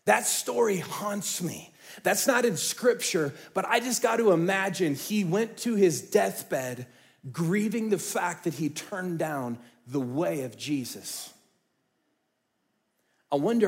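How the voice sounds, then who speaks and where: A man preaching a sermon on stage, swinging from hushed, low phrases to loud, lifted ones. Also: expressive, measured pace. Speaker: pastor.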